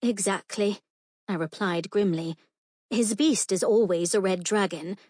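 A woman's voice: lowish voice, measured pace, darkish tone, dry recording. A woman narrating a fantasy audiobook in the first person, with an earnest, emotional storytelling manner, recorded close and dry.

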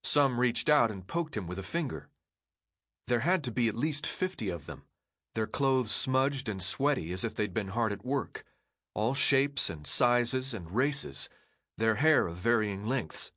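A man narrating an audiobook in an expressive storytelling manner. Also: lowish voice, no room sound.

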